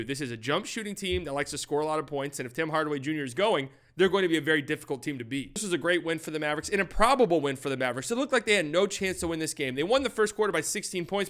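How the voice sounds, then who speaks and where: Young male sports host, casual and excitable, a bit high-pitched, crisp bright tone. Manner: excitable, swears freely, shifts into mock voices. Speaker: basketball commentary host. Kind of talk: casual game breakdown over highlights.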